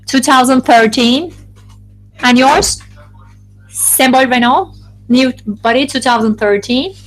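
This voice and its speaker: Woman interpreter, fairly high voice. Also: faint music behind, low-quality recording. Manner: halting, with frequent restarts and self-corrections. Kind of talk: live interpreting of a focus group.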